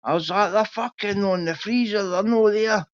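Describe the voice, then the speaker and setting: A man's voice: sits high, normal speed, noisy background. A man, rambling and swearing through a casual livestream chat. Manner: swears constantly, rambling storytelling. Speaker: livestream guest. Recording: dull lo-fi stream audio.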